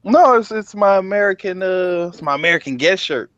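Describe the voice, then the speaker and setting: A laid-back man in his twenties chats on a stream, laughing easily and swearing now and then. His pitch rises and falls a lot. The sound is dry and close. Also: lively intonation, brisk, fairly bright tone, no room sound, muffled recording. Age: 20s. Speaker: guest. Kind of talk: casual livestream chat.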